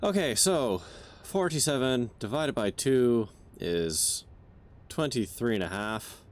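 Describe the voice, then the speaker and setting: A man's voice: medium pitch, expressive, slow. A young man chatting casually while playing a game, counting aloud under his breath and swearing now and then. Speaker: game streamer.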